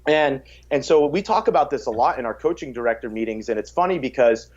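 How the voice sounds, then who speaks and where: An energetic man talks about fitness coaching in a relaxed podcast chat, his voice at an ordinary middle pitch. He often repeats a word before getting a sentence going. The audio is a little dull and muffled. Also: fairly quick. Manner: energetic, repeats words when starting sentences; acts out quotes in a raised voice. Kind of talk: casual podcast conversation.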